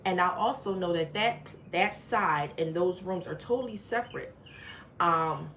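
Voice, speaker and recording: A woman's voice: lowish voice, unhurried, fairly bright tone, slight background noise. A woman hosting a storytime livestream. She tells her story in an emphatic, frank way and talks straight to her viewers. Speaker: channel host.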